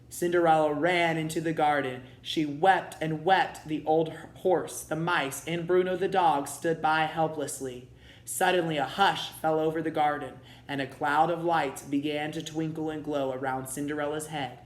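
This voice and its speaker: A man reading a children's storybook aloud in a steady, expressive way. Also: on the high side, unhurried. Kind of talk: read-aloud storybook narration. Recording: roomy echo.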